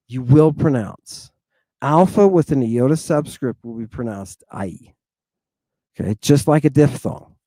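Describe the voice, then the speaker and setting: Slow, mellow-voiced male teacher drilling pronunciation. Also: mid-range voice, no echo. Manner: drills words syllable by syllable, repeats them slowly; bursts of delighted praise. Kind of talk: pronunciation lesson.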